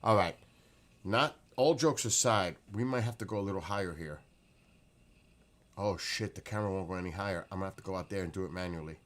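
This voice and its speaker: A man streams live from his backyard at night, talking quickly in a low voice. Reading through the chat, he gets excited, frequently laughing and exclaiming.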